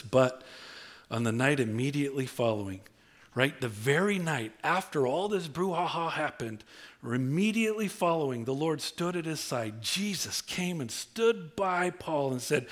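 A man preaches from scripture with a fairly high voice. He moves from quiet, intimate stretches to loud, excited bursts as he acts out the stories. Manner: animated, swings between low intimate tones and high excited outbursts. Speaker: pastor. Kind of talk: sermon.

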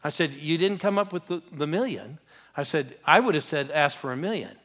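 A man's voice: a little high, animated, a little fast, fairly bright tone. A man preaching as a guest pastor in a church, telling a story and urging the congregation to respond. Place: church sanctuary.

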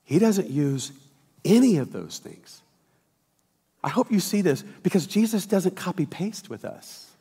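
A middle-aged pastor preaches a conversational sermon, acting out bits of dialogue with lots of energy. His voice sits on the high side for a man, and it rings with a long church-hall reverb. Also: unhurried, breathy edge. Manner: animated and conversational, acting out quotes, sometimes shouting. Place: church auditorium.

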